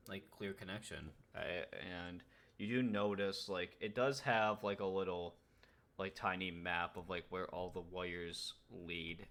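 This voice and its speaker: Very low-voiced young man narrating a game. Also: fairly bright tone. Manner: hesitant, many fillers and restarts. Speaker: game master.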